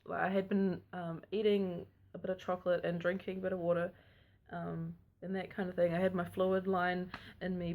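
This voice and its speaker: A woman's voice: on the low side, darkish tone. A young woman telling a personal story to camera in a casual vlog, candid and chatty and frank about intimate details. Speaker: vlogger telling her birth story.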